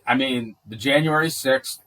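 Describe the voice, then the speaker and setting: A man's voice: mid-range voice, moderate pace, a bit bright, distant mic. Emphatic man, heard from off-mic. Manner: emphatic, agreeable, piles up examples. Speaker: podcast co-host. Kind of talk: casual chat.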